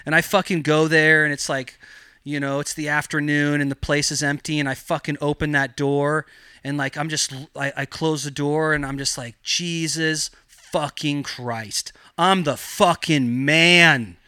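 A man on a podcast telling a story in a loose, swear-heavy ramble, stuffed with fillers, and acting out the people he quotes. His voice sits a little high for a man and sounds bright and crisp. The recording is close and dry. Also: flat delivery, normal speed, no room sound. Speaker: podcast guest. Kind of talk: casual storytelling chat.

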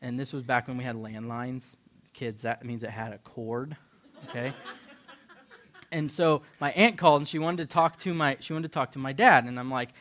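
A middle-aged man preaching a lively sermon, retelling a Bible story and acting out the characters in quick voices while joking with his listeners. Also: a little high. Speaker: pastor or Bible teacher.

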